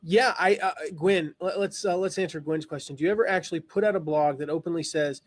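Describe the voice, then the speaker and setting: Higher-voiced man hosting a live lesson. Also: fast talker, few pauses, no echo. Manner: rambling, thinks aloud with many restarts. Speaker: host.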